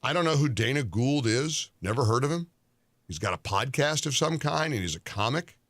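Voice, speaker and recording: Male commentator, indignant and deliberate, dry recording. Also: medium pitch, animated, a bit bright, no room sound. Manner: indignant, deliberate, stressing words. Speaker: political commentator. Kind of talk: scripted commentary monologue.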